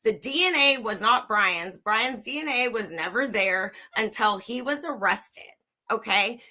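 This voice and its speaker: A woman's voice: on the high side, expressive, slow pace, bright, forceful tone. A young woman livestreaming true crime commentary, angry, sarcastic and swearing freely as she reads and reacts. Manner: profane, sarcastic, heated.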